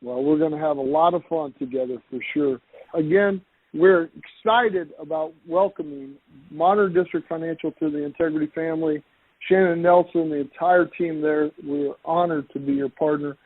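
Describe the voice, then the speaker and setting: A man's voice: a little high, moderate pace, no room sound. A man hosting a podcast interview, enthusiastic and welcoming toward his guest. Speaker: podcast host. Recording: dry tinny phone-like line.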